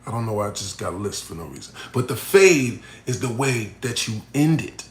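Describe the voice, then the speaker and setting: A man, a battle rapper, talking casually to camera and answering a fan's question. He is blunt, repeats himself and swings between loud emphatic points and muttered asides. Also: on the low side, animated, brisk. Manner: blunt, repeats himself, full of "you know what I'm saying" and "right?". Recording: echoey room.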